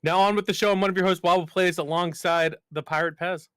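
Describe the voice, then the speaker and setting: Man, podcast host, upbeat, quick to laugh, fairly high voice, dry close sound. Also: fairly even intonation, fairly bright tone, clear, resonant tone, no echo. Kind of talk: casual chat.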